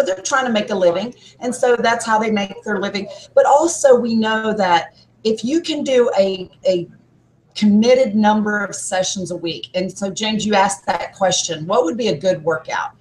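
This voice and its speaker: A woman's voice: medium pitch, slight background noise, poor audio. A woman who works as a gym trainer, a podcast guest giving upbeat, coach-like workout advice.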